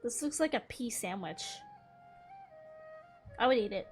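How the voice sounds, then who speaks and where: A playful young woman with a high voice plays through a story game, reading lines aloud and joking at the screen. She laughs and teases a lot. Faint game music sits under her voice. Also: expressive, unhurried. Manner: playful, giggly, teasing. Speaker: gaming streamer. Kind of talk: let's-play commentary and reading dialogue.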